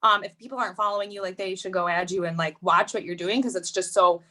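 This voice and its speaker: A woman's voice: mid-range voice, fairly even intonation, fast, pushed and bright. A woman hosting a live stream, chatting casually and encouraging her guest with lots of "like"s, through a video-call mic. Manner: enthusiastic, encouraging, many likes. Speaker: host, coach.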